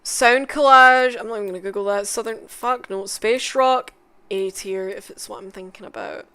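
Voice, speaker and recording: A woman making a casual music tier list, swearing often, mumbling asides and bursting into loud excited outbursts. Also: medium pitch, moderate pace, smooth. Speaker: content creator.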